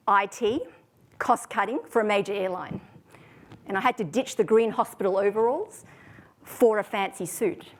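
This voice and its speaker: Woman, forties, measured storyteller, prepared talk, middle pitch. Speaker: speaker.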